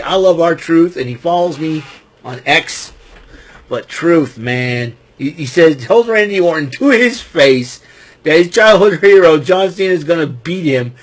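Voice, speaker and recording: A man giving a rambling, casual wrestling recap, chuckling often and filling pauses with ums and restarts. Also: a little high.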